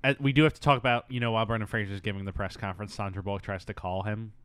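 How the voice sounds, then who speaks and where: Low-voiced guy recapping a movie, sarcastic, lots of ums, dead dry sound. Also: steady tone, racing, a bit bright, clean tone, dry recording. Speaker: co-host. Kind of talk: casual movie recap chat.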